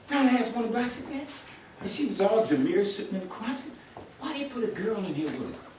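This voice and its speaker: A man's voice: high-pitched, fast, recorded from a distance, slight background noise. An older man and retired marshal telling a story to an audience, acting out the other voices and laughing along. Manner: animated storyteller, acts out voices, laughs with the crowd. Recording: echoey hall, recorded from afar.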